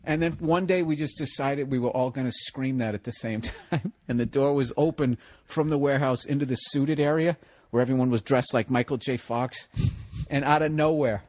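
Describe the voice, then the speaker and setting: A man's voice: medium pitch, moderate pace, dry recording. Man telling profane rambling stories. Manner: profane, rambling, laughs through his own stories. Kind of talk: casual storytelling chat.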